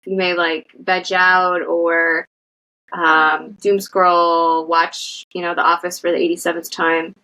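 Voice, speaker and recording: A woman's voice: fairly low pitch, level tone, slow, sharp tone, rough recording. Thoughtful woman therapist with fillers. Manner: thoughtful, uses many fillers. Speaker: therapist guest. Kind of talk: casual conversation.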